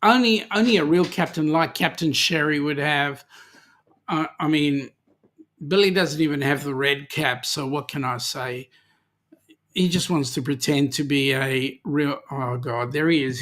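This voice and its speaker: A man's voice: a little high, measured pace, fairly bright tone. A man with an Australian accent hosting a casual livestream, reading out viewer comments with lots of hesitant ums and playful teasing. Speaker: livestream host.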